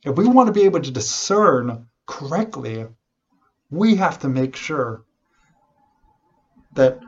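A man preaching a sermon, animated and unhurried, often restarting his phrases. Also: on the high side, slightly rough, dull audio. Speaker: pastor.

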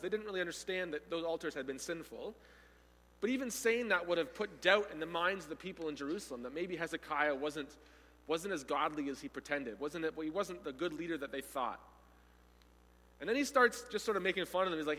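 A man preaching a sermon, retelling a story with animated delivery and acting out the quoted speakers. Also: a little high, fairly quick, big-room sound.

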